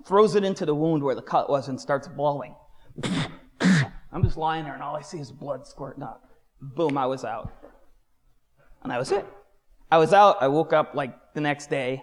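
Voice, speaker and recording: A man giving a dramatic personal testimony, animated, swinging from shouts down to hushed whispers. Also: a little high. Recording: long hall reverb.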